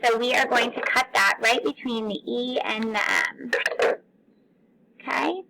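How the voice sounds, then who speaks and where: Woman, teacher, children's phonics lesson, encouraging, stretched-out syllables, higher-pitched. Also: gravelly, background noise. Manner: patient, encouraging, drawn-out word sounding.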